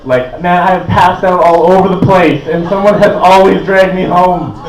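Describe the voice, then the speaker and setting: A Canadian stand-up comedian in his twenties rambles through his set in a laid-back way, packing it with "like" and "uh." His voice is high-pitched at a normal speed, heard from a distance with roomy echo.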